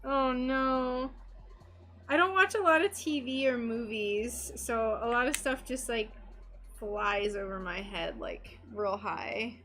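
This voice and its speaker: A young woman who streams her stained glass work chats casually with viewers, bubbly and gushing. Her voice is fairly high and sharp, with fairly even intonation, and she takes it slowly.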